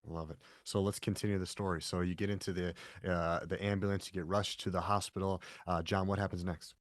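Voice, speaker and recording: A man's voice: low-pitched, little pitch movement, a little fast, dry recording, clean studio sound. A man hosting an interview, giving brief encouraging prompts. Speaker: podcast host.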